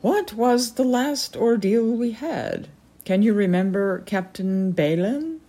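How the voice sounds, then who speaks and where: A woman's voice: medium pitch, lively intonation, takes it slowly, dark tone, voice pushed up. A woman voicing a stern, commanding female peregrine falcon in a storybook reading, formal and imperious.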